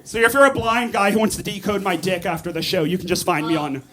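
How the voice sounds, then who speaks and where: A high-voiced, fast-talking comedian works a club stage, shouting punchlines with lots of animation. The set is captured live through a stage mic, with the audience audible.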